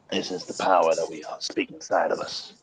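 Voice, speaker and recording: A man riffing in a grandiose, preacher-like comedic oration, drifting from hushed whispers to loud declaiming. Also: low voice, background noise. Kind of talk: improvised comedic mock oration.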